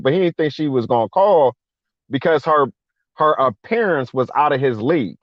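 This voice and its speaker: A man's voice: a little high, fairly quick, no room sound. Man telling a story, lo-fi and dry. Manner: animated, slangy, acts out quoted voices. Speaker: guest veteran. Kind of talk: casual storytelling chat. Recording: dull lo-fi dry sound.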